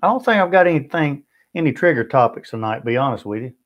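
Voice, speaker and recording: A man's voice: mid-range voice, lively intonation, fast talker, lo-fi sound. A man with a Southern US accent hosting a barbecue livestream, chatting in a friendly way and answering viewer comments one by one. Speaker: BBQ channel host. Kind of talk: livestream chat.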